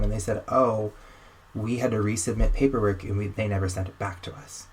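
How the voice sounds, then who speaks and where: Low-voiced young man telling a story. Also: fairly quick, a little hiss or hum. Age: young adult. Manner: animated, acts out dialogue in quotes. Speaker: podcast guest. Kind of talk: casual storytelling.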